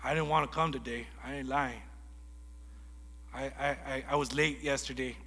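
A man preaching a sermon in a lively storytelling way, acting out conversations as he goes. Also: mid-range voice, normal speed, vocal fry, big-room sound. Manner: animated storytelling, acts out dialogue. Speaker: guest preacher.

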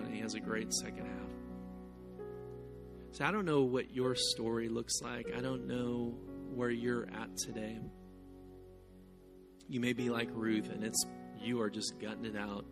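A male pastor gives a sermon and tells a story, and his voice rises in animated, loud bursts. Plucked guitar music plays softly behind him. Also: mid-range voice, creaky.

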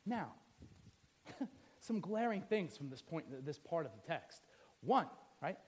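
A man's voice: a little high, big pitch swings, takes it slowly, husky. A middle-aged male pastor preaching a sermon, telling the story with playful asides and acting out the scenes.

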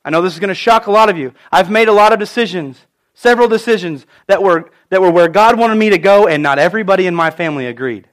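A man preaching an animated sermon, acting out the voices of the people he quotes. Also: high-pitched, fast talker. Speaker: pastor.

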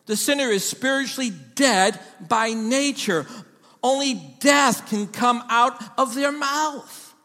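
High-voiced man preaching slowly in a hall. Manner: emphatic preaching, building to shouted call-and-response. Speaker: pastor. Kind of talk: sermon.

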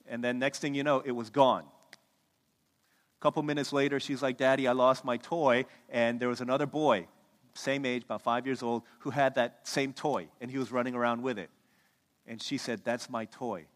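A man preaching a sermon, animated, acting out the voices of the people he quotes. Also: medium pitch, long reverb tail. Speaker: pastor.

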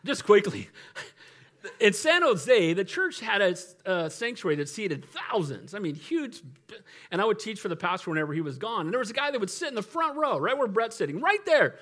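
A man's voice: high-pitched, sing-song, normal speed, a bit bright. A middle-aged male pastor preaching a sermon in a conversational, humorous way, often laughing and asking for an amen.

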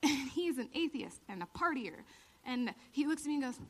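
A woman in her thirties giving a lively storytelling sermon, laughing often and acting out the lines she quotes. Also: high-pitched, a little fast. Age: 30s. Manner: animated, laughing storyteller who acts out quotes. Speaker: church speaker.

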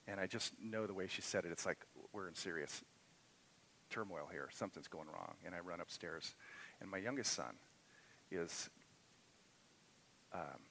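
A man's voice: sits low, creaky, sharp tone, low-quality recording. A middle-aged man preaching a sermon in a church, telling a personal story and building to impassioned emphasis. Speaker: pastor. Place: church sanctuary.

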